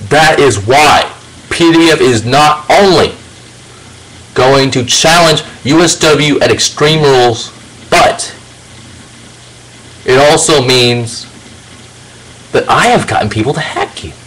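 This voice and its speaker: A man's voice: medium pitch, slow pace, pauses often, a bit bright, rough recording. A man delivering an angry, profanity-filled rant to camera, confronting a rival directly. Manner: confrontational, swears heavily, addresses a rival directly. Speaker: video channel host.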